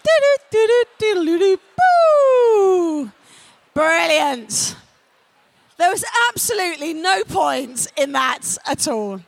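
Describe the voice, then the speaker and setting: High, animated London woman on stage. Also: takes it slowly, gravelly, a little hiss or hum. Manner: chatty and playful, drawing the crowd in. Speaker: youth worker and guest speaker. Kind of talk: lively talk to a festival audience. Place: stage in a large festival tent.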